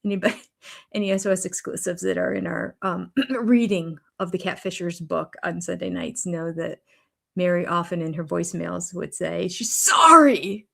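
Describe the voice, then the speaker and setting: A woman's voice: fairly low pitch, level tone, normal speed, gravelly. Chatty older woman giving opinionated commentary. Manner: chatty, opinionated, rambling asides. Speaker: reaction channel host. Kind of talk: casual reaction commentary.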